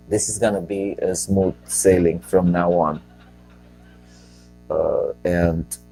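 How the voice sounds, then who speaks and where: Man, show host, casual rambling chatter, lowish voice, faint music behind. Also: mellow, rough recording. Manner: rambling and joking, talks to himself. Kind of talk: casual solo stock-market talk.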